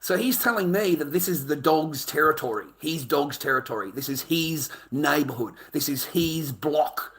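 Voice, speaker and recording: A middle-aged Australian man telling a rambling, profane story in casual talk, brash and quick to laugh. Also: a little high, fairly bright tone. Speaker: vlogger.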